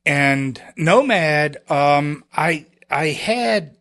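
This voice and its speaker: Businessman guest, telling stories in a halting, rambling way. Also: fairly high pitch, expressive, fairly bright tone. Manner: rambling, halting, with many restarts and quoted dialogue. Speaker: podcast guest, chemical company founder. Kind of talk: casual storytelling interview.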